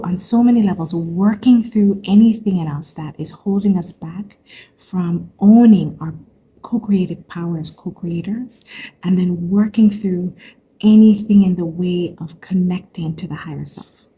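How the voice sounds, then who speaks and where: A woman's voice: fairly low pitch, warm tone, breathy edge. A woman hosting a spiritual talk, speaking earnestly and preachily to her listeners, calling them y'all. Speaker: spiritual podcast host.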